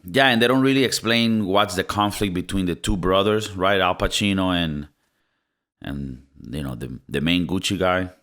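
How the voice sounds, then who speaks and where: A man's voice: low voice, moderate pace. A man co-hosting a podcast, chatting casually about a movie and often acting out quotes. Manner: animated, laughing, quotes movie lines in put-on voices. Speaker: podcast co-host. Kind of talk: casual movie review chat.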